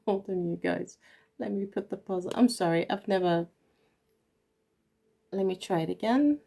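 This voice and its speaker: A woman's voice: mid-range voice, unhurried, gravelly, pauses often, warm tone. Giggly woman doing a card reading. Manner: chatty, giggles often. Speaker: tarot reader. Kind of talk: casual card reading to viewers.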